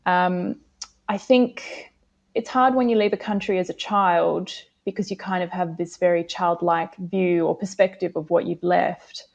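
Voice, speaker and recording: A woman from South Africa, a guest chatting casually in an interview, talking reflectively with pauses. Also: on the low side, steady tone, gravelly, darkish tone.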